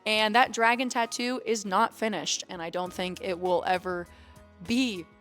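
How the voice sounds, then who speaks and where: A woman's voice: medium pitch, fairly even intonation, unhurried, fairly bright tone. A young woman talks straight to her camera at home, telling personal stories in a candid, emotional way. She swears freely and sounds close to tears. Faint music runs under her voice. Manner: candid and emotional, swearing casually, acting out quotes. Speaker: streamer and vlogger. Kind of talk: personal storytelling vlog.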